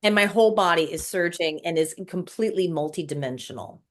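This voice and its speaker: A woman with a lowish voice speaks briskly as a guest in a casual conversation. She recounts an emotional spiritual story, repeating words and sounding breathless as she goes.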